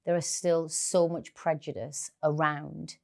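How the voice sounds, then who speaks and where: A woman's voice: low voice, level tone, measured pace, gravelly. A middle-aged woman with a Geordie accent, a guest chatting candidly in an interview and telling stories full of "like" fillers. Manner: chatty storytelling, many "like" fillers. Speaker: guest actress.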